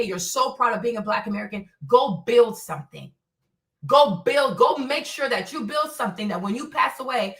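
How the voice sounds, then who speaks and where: In this opinionated livestream rant, the host, a woman from Africa, speaks bluntly, swears freely, and asks many rhetorical questions. Her pitch is on the high side and her tone sharp. Sound bounces around the room, and the microphone sits at a distance.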